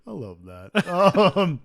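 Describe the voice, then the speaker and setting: A man's voice: high voice, gravelly, husky, no room sound. Laid-back man with a dry, close voice. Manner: laughs often, relaxed and chatty. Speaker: podcast co-host. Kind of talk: casual movie review chat.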